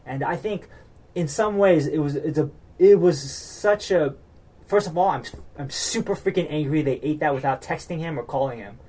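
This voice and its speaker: Guy chatting loosely about a show, kinda high voice, lots of ums and likes, gets heated. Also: normal speed, mellow, husky. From United States. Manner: rambling, many fillers and restarts, gets worked up. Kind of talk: casual chat recapping a reality show.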